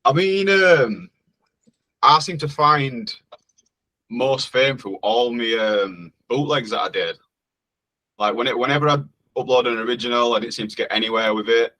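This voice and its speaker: A man with a Yorkshire accent, a guest musician speaking in a relaxed, hesitant way with northern dialect words. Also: mid-range voice, normal speed, poor audio. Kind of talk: casual interview chat.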